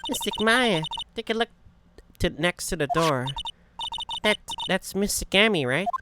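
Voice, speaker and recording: A man voicing a polite, earnest little girl who speaks in a fussy way, over loud background noise. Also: high voice, animated, a little slow, over music, pitched above the performer's own voice.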